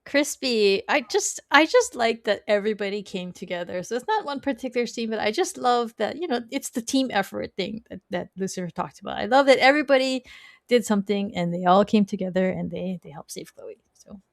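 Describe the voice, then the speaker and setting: A woman's voice: medium pitch, animated, fairly quick, vocal fry, no echo, studio quality. A woman hosting a casual podcast and running a quiz, laughing often between lines. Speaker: podcast host and quiz master.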